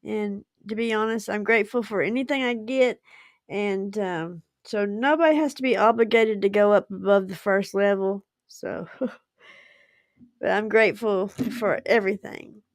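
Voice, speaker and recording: A woman's voice: mid-range voice, normal speed, dry recording, clean studio sound. A woman, hosting a casual livestream and chatting effusively with frequent giggles. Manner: effusive and giggly, laughs often. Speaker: livestream host.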